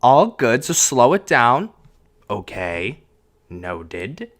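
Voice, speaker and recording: A man's voice: medium pitch, big pitch swings, drawn-out words, a bit bright. A man hosting a solo podcast from a room at home, talking casually in a rambling, self-deprecating way with lots of fillers and restarts. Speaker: podcast host. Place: echoey home room, on a couch. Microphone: podcast mic with pop filter.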